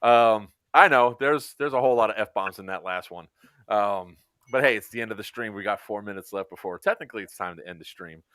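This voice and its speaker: A man co-hosting a casual podcast, telling stories in an animated way and acting out quotes. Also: fairly low pitch, a little fast, clear, resonant tone, no room sound. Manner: animated storyteller, acts out quotes. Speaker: co-host. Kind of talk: casual podcast chat, storytelling.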